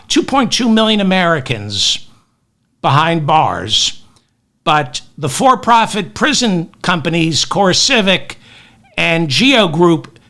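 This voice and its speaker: A man's voice: high-pitched, pushed and bright. A man hosting a comedic news podcast, ranting with sarcastic, self-deprecating asides. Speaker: podcast host.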